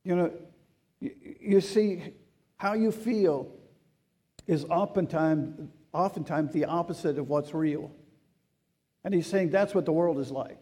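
A man's voice: a little high, a little slow, pauses often, dark tone. A man preaching a sermon as a pastor, in a conversational, earnest way that keeps asking the listeners questions. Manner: earnest and urging.

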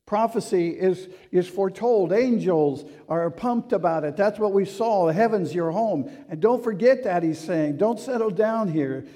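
A male pastor delivers a sermon in a high, mellow voice. He keeps it conversational, with rhetorical questions and asides. His tone stays earnest and urging throughout. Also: lively intonation, unhurried, hardly any pauses.

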